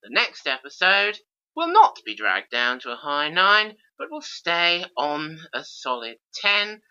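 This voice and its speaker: A man's voice: fairly high pitch, wildly swooping pitch, measured pace, sharp tone, clear, resonant tone. A man giving a casual audio commentary on an episode, enthusiastic with wry asides. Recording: dull lo-fi recording.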